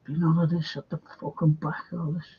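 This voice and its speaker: Over phone-quality audio, a Scouse man from Liverpool, England hosts a livestream, swearing and restarting as he rambles bluntly. His voice is a little high, slightly rough, and level in tone, with a slightly fast pace.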